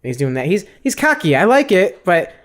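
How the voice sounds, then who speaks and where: A man's voice: high voice, very animated, normal speed. A young man co-hosting a podcast, chatting casually and profanely about fights with lots of fillers. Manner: rambling, profane fight breakdown with many fillers. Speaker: podcast co-host. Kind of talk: casual chat.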